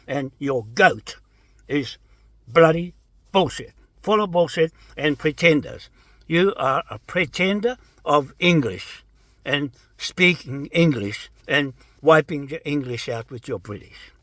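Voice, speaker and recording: A middle-aged man rants through a rambling public statement, swearing and repeating himself. His voice sits fairly high, and he swings between slow drawn-out phrases and sudden loud bursts. The sound is dry and close, with little room in it. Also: no room sound. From New Zealand.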